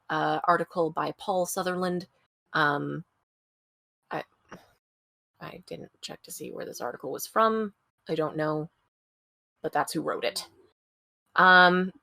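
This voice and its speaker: Woman, true-crime co-host, slightly low pitch, bright tone, dry sound, wry asides. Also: no echo. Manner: chatty, wry asides with frequent laughs. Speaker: podcast co-host. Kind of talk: casual true-crime storytelling.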